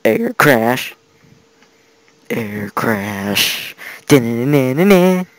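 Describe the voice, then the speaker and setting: American teen boy for let's play commentary, lively rambling delivery, gravelly edges, faint game music behind. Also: mid-range voice, measured pace, poor audio. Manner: rambling, chatty asides, giggly.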